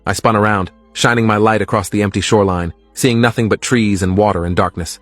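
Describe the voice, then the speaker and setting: A man narrating a first-person horror story in a steady, scripted reading style. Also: lowish voice, brisk, dry recording, faint music behind.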